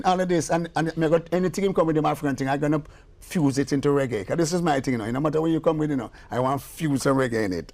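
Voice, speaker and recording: An older man with a Jamaican accent, a musician telling stories in a casual interview, acting out the voices in his tales. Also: fairly high pitch. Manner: animated storyteller, acts out quoted dialogue. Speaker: guest musician and producer.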